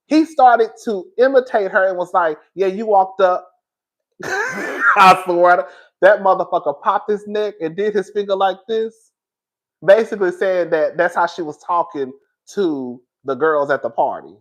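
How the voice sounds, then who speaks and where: A man's voice: high voice, moderate pace. Guy spilling tea on a reality show, dramatic and chatty, calls everybody girl. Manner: animated, dramatic storytelling with emphatic repetition; swears freely and addresses listeners as "girl". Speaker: reality TV commentator. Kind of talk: casual gossip commentary.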